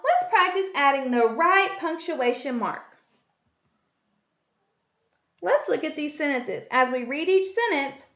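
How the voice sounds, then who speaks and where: A woman gives a slow, clear grammar lesson to young children, her high voice rising and falling as she reads each example sentence. The recording sounds dull and lo-fi, with an echo from the room around her. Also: a bit bright. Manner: deliberate, sing-song reading of example sentences. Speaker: first grade teacher. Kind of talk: slow, clear classroom instruction.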